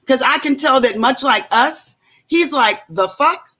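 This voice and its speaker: A woman hosting a casual reaction show from home, talking in an animated, chatty way with many asides to her viewers. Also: high-pitched, a little slow, slightly rough. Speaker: show host.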